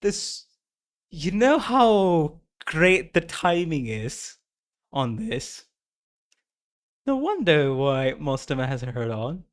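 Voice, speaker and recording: A man streaming a game, reading its dialogue aloud and reacting with excitable, rambling restarts. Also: a little high, takes it slowly.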